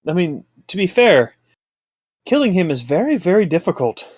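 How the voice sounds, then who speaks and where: A man's voice: high voice, very animated, moderate pace, a little mellow, dry recording, studio quality. A man co-hosting a podcast, making earnest, nerdy fan remarks about a movie in casual chat. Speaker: podcast co-host.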